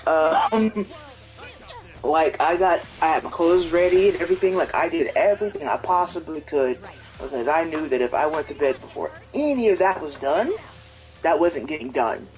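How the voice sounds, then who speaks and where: A man co-hosting a gaming video, telling a story in a lively, profanity-laced casual chat. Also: fairly high pitch, normal speed, soft background music, rough recording. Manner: animated, swears freely, talks to himself in retellings. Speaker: gaming co-host.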